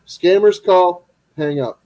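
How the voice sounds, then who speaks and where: A man chatting casually on a livestream in an excitable, rambling way, cracking crude jokes and acting out phone calls. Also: high-pitched, slow, low-quality recording. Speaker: streamer.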